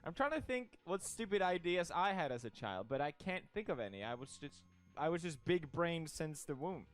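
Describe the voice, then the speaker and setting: A young man with a slightly high voice chats casually as a streamer. He jokes in a mock-outraged tone and laughs often. Faint music plays underneath. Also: very animated, moderate pace. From Sweden. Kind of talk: casual reaction commentary.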